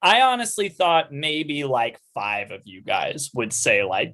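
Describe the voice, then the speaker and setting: Male host, slightly high voice, loose rambling thank-you speech, video-call sound. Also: very animated, moderate pace, few pauses. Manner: rambling, with fillers and restarts, warm thanks. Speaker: host and organizer of online live readings. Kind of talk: casual wrap-up chat on a livestream.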